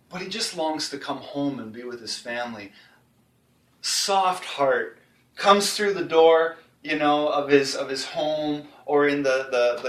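A man hosting a casual faith discussion, talking in a rambling, animated way and laughing easily. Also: on the high side. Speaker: host. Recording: roomy sound, mic at a distance.

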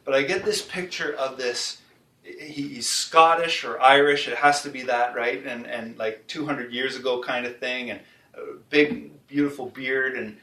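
A man hosting a casual faith discussion, talking in a rambling, animated way and laughing easily. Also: mid-range voice, unhurried. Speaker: host. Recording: roomy sound, mic at a distance.

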